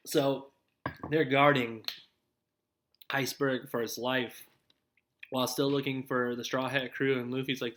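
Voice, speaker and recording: Pausing often at a moderate pace, this young man hosts his show with a medium-pitched, level, fairly bright voice. He rambles easily through anime episode recaps, sprinkling in plenty of "like" and "dude."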